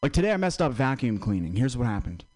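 A man's voice: mid-range voice, sing-song, quick pace, a little mellow. A man doing stand-up one-liners with a bouncy delivery. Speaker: stand-up comedian.

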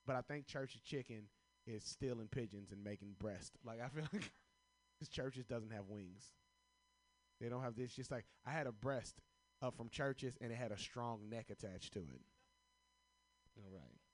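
A man's voice: mid-range voice, moderate pace, pauses often. Profane laughing young male stand-up comic. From Chicago. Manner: profane, laughing at his own jokes, animated storytelling. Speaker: stand-up comedian. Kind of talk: stand-up comedy, answering prompts pulled from a hat.

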